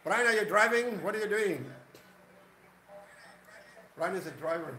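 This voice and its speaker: A man's voice: high-pitched, expressive, unhurried, sharp tone, echoey room, a little hiss or hum, low-quality recording. A man hosting a casual live stream, rambling and greeting viewers by name. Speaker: livestream host.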